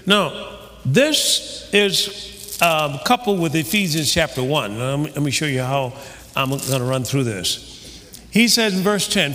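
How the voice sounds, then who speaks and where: A pastor preaching an animated sermon, rising to shouts, with many restarts and fillers. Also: male voice, a little high, a little slow, long reverb tail.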